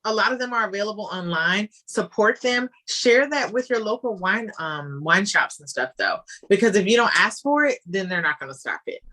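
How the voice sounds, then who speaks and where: A woman answering interview questions in a chatty, animated way, with frequent fillers along the way. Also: mid-range voice, normal speed, few pauses. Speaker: guest, wine business founder.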